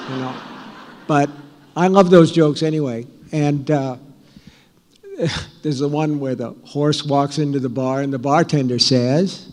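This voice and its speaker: A man's voice: a little high, steady tone, a little slow, pauses often, darkish tone. A man in his sixties, an author, telling rambling, self-deprecating anecdotes to a live audience with wry humor and frequent restarts. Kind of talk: live storytelling talk. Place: large hall with audience. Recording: live hall reverb.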